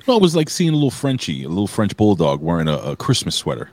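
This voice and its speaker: On a wrestling review podcast, a male co-host talks casually and animatedly, cursing freely and restarting sentences. His voice is low and darkish, swooping wildly in pitch at a quick pace, with no room sound.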